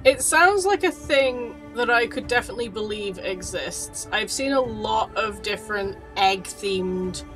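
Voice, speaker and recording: A woman artist chatting casually while she draws live on stream, with a relaxed, wry, slightly self-deprecating manner. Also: mid-range voice, unhurried, few pauses, soft background music.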